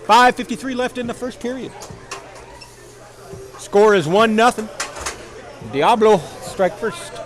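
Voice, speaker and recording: A man calling play-by-play for a ball hockey game, rambling into self-deprecating asides between plays and shouting on goals. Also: high voice, slow, pauses often, some chatter behind. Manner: excited calls on goals. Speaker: play-by-play commentator.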